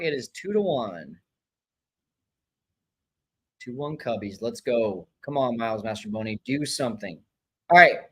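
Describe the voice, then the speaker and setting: On poor audio, a fairly high-pitched man runs a live stream where he watches baseball with his viewers. He cheers, complains about players, and calls out chat messages by the names of the people who sent them, his mood swinging excitably between delight and frustration.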